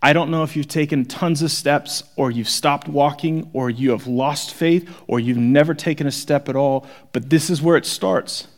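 A man preaching a sermon, shifting from hushed, intimate moments to forceful, rising emphasis. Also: on the high side, fairly even intonation, normal speed, hardly any pauses. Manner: dramatic, swings from hushed to forceful. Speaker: pastor.

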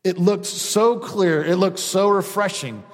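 Pastor delivering a sermon; man with a high, light voice, acts out quoted asides; long hall reverb. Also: unhurried.

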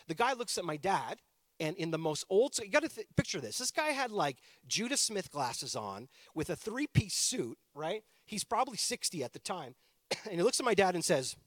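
A man in his thirties from Canada, a pastor telling a personal story in a chatty, animated sermon style. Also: high-pitched, moderate pace, no echo, studio quality.

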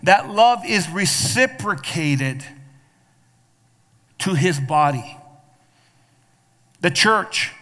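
Speaking extremely slowly and pausing often, this pastor has a high, animated, slightly bright voice. His sermon rings with long church reverb in the sanctuary as he calls to the congregation for responses and restarts words with repeats.

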